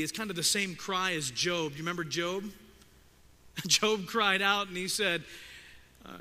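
Man, pastor preaching, bright forceful voice, somewhat high, long hall reverb. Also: unhurried. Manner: expressive preaching, rising loud for emphasis, voicing the characters he quotes. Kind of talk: sermon.

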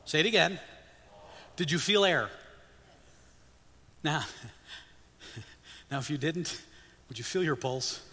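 Older guy preaching in church, bright voice, funny and animated, gets the crowd to repeat stuff, long hall echo. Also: on the high side, slow, long pauses, breathy edge. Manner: animated, humorous, leads the congregation in call-and-response. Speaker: missionary preacher. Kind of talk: sermon. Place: church sanctuary.

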